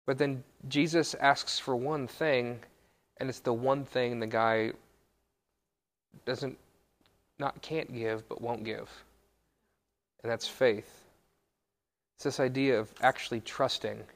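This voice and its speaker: A man's voice: mid-range voice, fairly even intonation, takes it slowly, pauses often. A man preaching to a live audience in a hall, with a mid-range voice for his sex. He keeps it casual and playful, breaking into jokey asides and correcting himself as he goes. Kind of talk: joking sermon to a live audience.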